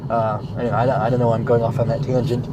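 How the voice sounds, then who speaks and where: A man's voice: medium pitch, flat delivery, fast talker, lo-fi sound, noisy background. A man hosting a solo anime review podcast, talking casually and thinking aloud, drifting into tangents with lots of filler words. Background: smooth jazz music playing.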